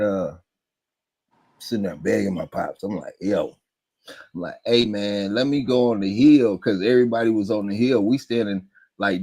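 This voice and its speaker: A man's voice: on the low side, darkish tone, no echo, clean studio sound. A man in casual chat, talking in a laid-back, slangy way with lots of "man" fillers. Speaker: podcast co-host. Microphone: livestream mic.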